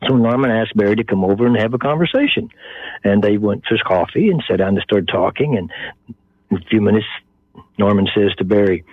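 A man's voice: fairly low pitch, expressive, a little fast, husky, no room sound. An older man with a Texan accent, the guest in an interview, telling a story and acting out the voices of the people in it. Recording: muffled phone-line sound.

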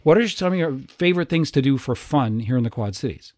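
A man's voice: medium pitch, animated, fast, a little mellow. A man hosting a casual interview, talking in an enthusiastic and rambling way. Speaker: host.

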